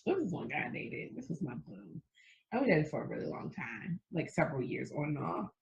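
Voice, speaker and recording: A woman's voice: brisk, vocal fry, dull audio. A woman co-hosting a casual dating talk show, teasing and dry-humored. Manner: playful, dry teasing with lively swings in pitch. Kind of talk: casual chat.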